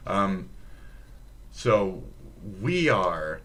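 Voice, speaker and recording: A Minnesotan streamer with a deep, sing-song voice talks extremely slowly in a fairly bright tone. He rambles and swears his way through casual livestream chat.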